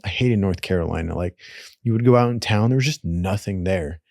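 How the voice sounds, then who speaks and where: A man's voice: sits low, brisk, vocal fry, dry recording, clean studio sound. A man telling wild stories in a casual, profane, rambling way, full of slang and asides. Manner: profane, animated, slangy with "dude". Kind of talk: casual storytelling.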